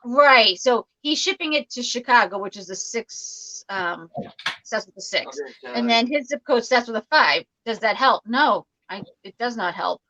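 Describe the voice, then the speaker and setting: Bright-voiced woman on a video call. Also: fairly high pitch, animated, measured pace, no echo. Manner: explaining a problem step by step, mildly exasperated. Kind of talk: casual chat. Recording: dull lo-fi dry sound.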